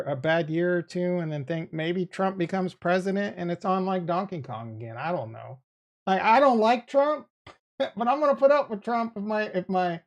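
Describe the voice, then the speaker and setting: Rambling, profane Boston-accented man. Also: high voice. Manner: rambling, profane, talks back to chat. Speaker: crypto streamer reading chat. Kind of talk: casual livestream chat.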